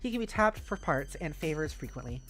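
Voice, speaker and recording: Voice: mid-range voice, very animated, brisk, a bit bright. A chatty streamer who reads a webcomic aloud and keeps breaking off to ramble. The talk is loose and filled with "like", over faint background music. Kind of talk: casual read-along of a webcomic.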